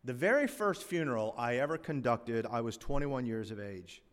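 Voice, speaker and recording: An older male pastor delivers a sermon with dramatic swells and sudden quiet drops, dropping in dry folksy jokes. His medium-pitched voice rings out in a church sanctuary with a long, lingering reverb. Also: lively intonation, moderate pace. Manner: swells loud on key phrases, then drops to a hush; folksy asides and dry humor. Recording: long reverb of a large hall.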